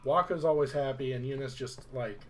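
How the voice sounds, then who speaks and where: A man's voice: medium pitch, a little fast, fairly bright tone, a little hiss or hum. A young man casually recapping a video game story, rambling with lots of "like" and fillers. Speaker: let's play host.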